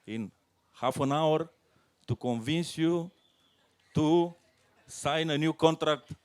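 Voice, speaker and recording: Brief: Romanian-accented male TV sports host, smooth resonant voice, halting English that hunts for words. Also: a little high. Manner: halting English with frequent pauses and hunting for words. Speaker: TV sports talk show host. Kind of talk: live talk-show interview.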